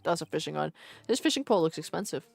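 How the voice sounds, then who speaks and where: A skeptical young defense lawyer, voiced by a woman dropping her voice. He speaks in a dry, gravelly, lowered tone. Deadpan and practical, from a video game. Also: quick pace, no room sound, soft background music, heavily acted.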